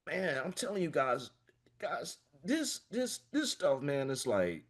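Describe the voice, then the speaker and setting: A man's voice: a little high, wildly swooping pitch, slow pace. A man, a financial coach giving a passionate, emphatic motivational talk over a video call, peppered with "man". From small-town Florida, US.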